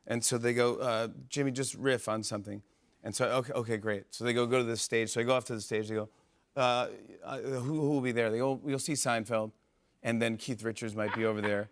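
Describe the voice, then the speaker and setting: A man in his forties hosting a talk show, telling an excited, rambling story full of fillers and quick impressions. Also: mid-range voice. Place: television studio.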